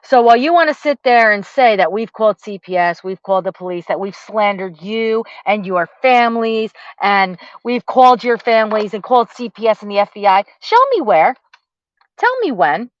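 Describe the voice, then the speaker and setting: Expressive and fairly high-pitched, with a fairly bright tone and a normal pace, a woman vlogger fires off a profane, confrontational rant at her target, sneering and accusatory, straight to camera. It's a dry, dull lo-fi recording.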